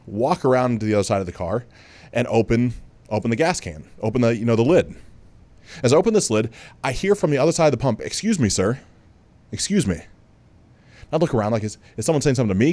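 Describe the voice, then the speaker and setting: A man's voice: mid-range voice, darkish tone, dry recording. Casual male podcast host, dry sound. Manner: conversational, with frequent restarts and asides. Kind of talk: storytelling monologue.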